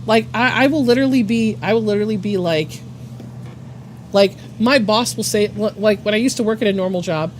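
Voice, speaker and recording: A woman's voice: mid-range voice, a little fast, slight background noise. A woman casually chatting on her art livestream, rambling with lots of fillers, swearing and laughing. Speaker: art streamer.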